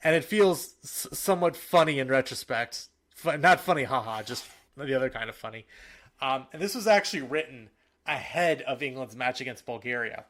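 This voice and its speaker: A man co-hosting a casual sports podcast. He talks in an animated, opinionated way and often restarts his sentences. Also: mid-range voice, moderate pace. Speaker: podcast co-host.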